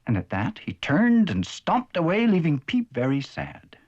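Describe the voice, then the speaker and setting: A man narrating a children's cartoon story in a playful, animated storytelling way. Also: fairly high pitch, unhurried, lo-fi sound.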